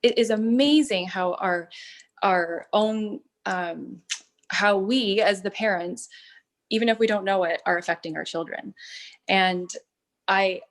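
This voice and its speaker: A woman in her thirties telling her personal story in a testimonial, earnest and halting, with many fillers and restarts. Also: mid-range voice. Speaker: product testimonial speaker.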